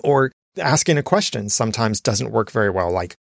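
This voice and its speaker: Gravelly male podcasting coach, dry close sound, deliberate instructional delivery. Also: lowish voice, animated, dry recording. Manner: explains in numbered tips, slows to stress phrases. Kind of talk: instructional talk.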